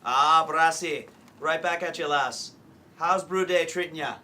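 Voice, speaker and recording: A man's voice: sits high, sing-song, moderate pace, pushed and bright, exaggerated voice. A man with a sore throat voicing a male dwarf brewer, reading a comedic ad script cold. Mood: jovial.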